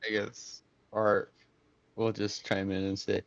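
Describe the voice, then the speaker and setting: A man's voice: on the low side, monotone, slow pace, vocal fry, long pauses. A man playing a tabletop game, talking casually and hesitantly in and out of character. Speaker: player.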